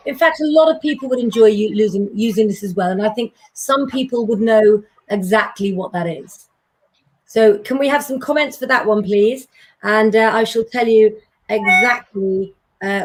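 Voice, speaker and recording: A woman's voice: medium pitch, breathy edge, low-quality recording. A woman hosting a late-night live stream, teasing her co-hosts and laughing often. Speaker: host.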